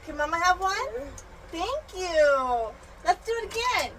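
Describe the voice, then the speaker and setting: High-voiced mother, slow and singsong. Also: very animated. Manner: singsong, exaggerated gasps and animal sounds for a child. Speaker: parent teaching her child at home. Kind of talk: home video, playful teaching. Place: home room. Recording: noisy home phone recording.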